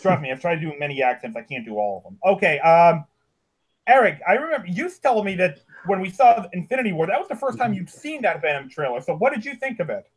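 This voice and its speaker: A man hosting a casual podcast discussion, talking in halting bursts with restarts and casual cursing. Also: high-pitched, very animated, husky. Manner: halting, lots of ums and restarts, curses casually. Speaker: podcast host. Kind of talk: casual chat.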